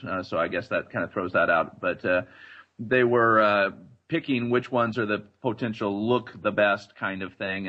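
A man's voice: on the low side, muffled recording. A man speaking as a podcast guest, rambling through his answers in a casual roundtable chat. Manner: rambling, lots of fillers and restarts. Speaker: guest collector and curator.

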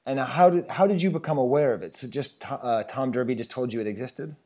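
A man's voice: medium pitch, quick pace, darkish tone. Eager man hosting a podcast. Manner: eager, with stammered restarts. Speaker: podcast host. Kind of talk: casual podcast chat.

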